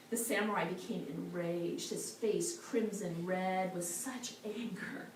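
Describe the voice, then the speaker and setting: A woman minister giving a storytelling sermon in a church, soft and slow at times. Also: fairly low pitch, fairly even intonation. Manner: soft, slow and meditative at moments. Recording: echoey hall from a far mic, faint noise.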